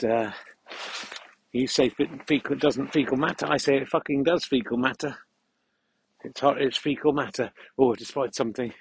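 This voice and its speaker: Man, podcast host, deadpan, mock-serious, rambling, walking outdoors, faint background noise. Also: medium pitch, rough recording. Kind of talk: comic rambling monologue on a walk. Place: outdoors in the countryside, walking a dog.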